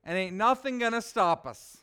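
A preacher putting on a pushy southern ringleader. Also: male voice, sits high, moderate pace, bright, forceful tone, clear, resonant tone. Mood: rallying. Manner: pushy, rallying his buddies. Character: eager bossy southern ringleader man.

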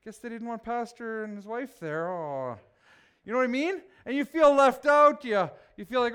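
A pastor in his forties preaches with humorous stories, making joking, self-mocking, animated asides to his congregation. His voice is very high and smooth, at a normal speed.

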